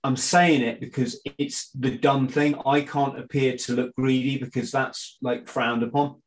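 A middle-aged man, a guest in a casual conversation, talking in a halting way with frequent restarts and fillers. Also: medium pitch, level tone, low-quality recording. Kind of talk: casual conspiracy chat.

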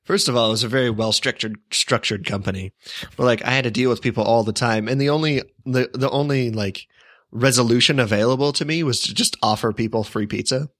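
A man's voice: medium pitch, a little fast, fairly bright tone, no echo. Young man, podcast co-host, rambling self-deprecating story, dry close sound. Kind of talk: casual storytelling chat.

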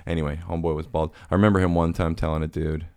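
Podcast host, man, extremely deep voice, casual rambling storyteller, crude and self-deprecating. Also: level tone, rapid-fire, dark tone, smooth, no echo. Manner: rambling, profane, self-mocking with quoted impressions.

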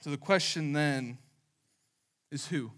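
Speaking slowly, this pastor tells animated, casual stories loaded with fillers in a relaxed, conversational sermon. His register is somewhat high, carrying a bright and forward quality.

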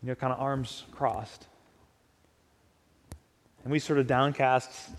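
A man's voice: mid-range voice, fairly even intonation, slow pace, long pauses. A man preaching a conversational sermon, often acting out imagined dialogue. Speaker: pastor. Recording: long hall reverb.

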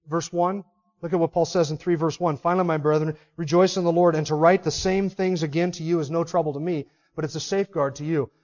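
Guy pastor preaching hard, high voice, loud then quiet, kinda dull lo-fi recording. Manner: passionate, emphatic preaching that swings from loud to hushed. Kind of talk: expository sermon.

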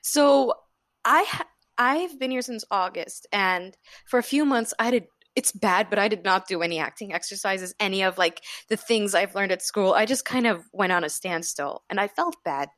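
A young woman from Jordan, an acting student, telling stories as a podcast guest, animated and laughing often. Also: mid-range voice, normal speed, dry recording. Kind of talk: casual interview storytelling.

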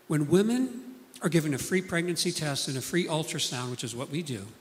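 A man's voice: on the high side, animated, a little fast, big-room sound. A man preaching a sermon, telling stories earnestly and acting out the people he quotes.

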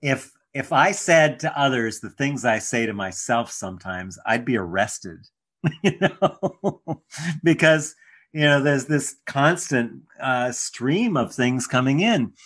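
Man host, mid-pitched voice, affirming and teacherly. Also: animated, slow pace, fairly bright tone. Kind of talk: casual conversation.

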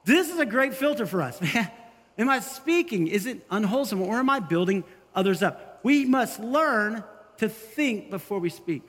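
A man delivers a sermon, his voice sitting high. He talks in an animated way and slips into the voices of the people he quotes. A long reverb from the hall trails each phrase. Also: normal speed. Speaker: pastor.

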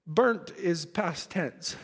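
A man preaching a fervent sermon, reading scripture aloud and rising to shouts at the peaks. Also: a little high, animated, drawn-out words, slightly rough. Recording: long hall reverb.

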